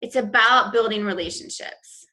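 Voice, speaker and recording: A woman's voice: medium pitch, normal speed, sharp tone, low-quality recording. A woman coach giving a chatty, informal training talk to her team, with plenty of fillers and restarts. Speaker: fitness business coach.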